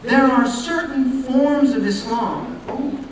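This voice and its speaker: A man's voice: very high voice, slow pace. An American man from the New York area giving a humorous public lecture, talking conversationally with joking asides and rhetorical questions. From United States, New York area. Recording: very echoey hall, voice from far off, noisy.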